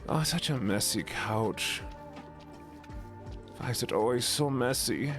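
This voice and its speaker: A man putting on a German accent, playing a moody, teasing character who asks slow, mock-stern questions. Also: mid-range voice, over music. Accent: put-on German.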